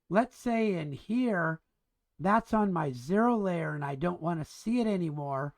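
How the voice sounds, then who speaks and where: A man teaching an engineering drafting class in a casual, chatty lecture, enthusiastic and rambling with frequent restarts. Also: high-pitched. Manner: enthusiastic and chatty, keeps calling things cool.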